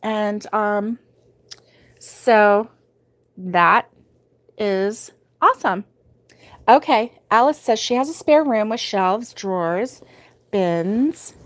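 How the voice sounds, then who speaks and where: A woman's voice: mid-range voice, lively intonation, drawn-out words, long pauses. A middle-aged woman hosting a live crochet stream, chatting casually, laughing often and reading out viewer comments.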